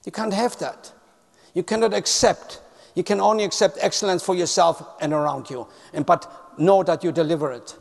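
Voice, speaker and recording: A man with a high, gravelly voice gives a motivational talk on customer service, telling it as a story. He repeats words for emphasis and speaks with non-native phrasing. His voice rings with the long reverb of a large hall. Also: normal speed.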